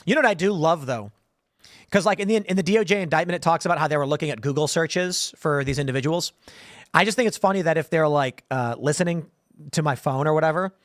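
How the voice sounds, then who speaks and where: Guy hosting a live show, rambly and jokey, kinda high voice, dead dry mic. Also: no echo. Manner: rambling, joking, animated asides. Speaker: host. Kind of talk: casual livestream commentary.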